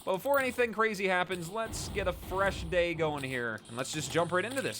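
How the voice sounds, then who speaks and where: A man giving chatty, excitable gameplay commentary as host of his let's play series, often poking fun at himself. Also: high-pitched, fairly quick, hardly any pauses, background noise. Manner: excitable, chatty, self-mocking.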